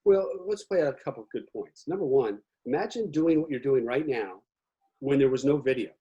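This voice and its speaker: An older man in casual conversation, telling animated stories and acting out the voices in them, with a husky voice. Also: mid-range voice, brisk, dull audio. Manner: animated storyteller, acts out voices in anecdotes.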